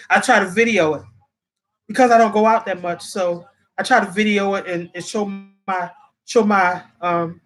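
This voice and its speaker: Close to crying, the host of a casual livestream reads out comments and talks right to the people watching, often going back over the same words. She has a mid-range voice with a bit of brightness.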